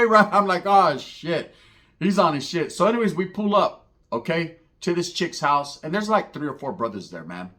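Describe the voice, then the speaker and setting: A man's voice: fairly high pitch, normal speed. A man telling a profane street story, acting out the voices of the people in it. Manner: profane, animated, acts out other voices.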